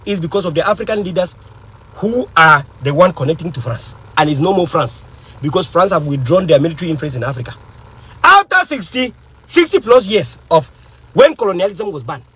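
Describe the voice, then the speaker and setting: Husky, emphatic activist woman. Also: mid-range voice, fairly bright tone, dry recording, poor audio. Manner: emphatic, rhetorical questions. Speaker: political activist. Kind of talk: impassioned political monologue.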